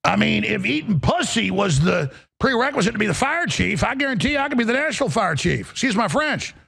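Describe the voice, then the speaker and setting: A talk show host, a man, ranting in an angry, blunt and crude way with a gravelly, raspy voice. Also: high voice, sing-song, brisk, fairly bright tone. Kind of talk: heated political talk rant.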